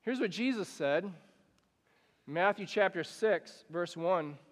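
High-voiced pastor preaching in a reverberant hall. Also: male voice, slow. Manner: animated, conversational preaching with acted-out examples. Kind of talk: sermon.

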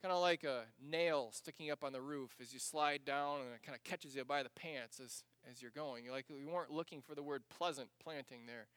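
Male preacher, sermon, dramatic swings from hushed to loud, bright tense tone, clean dry recording. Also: medium pitch, fairly quick, hardly any pauses, clear, resonant tone, no echo. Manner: acts out the scripture passages he reads.

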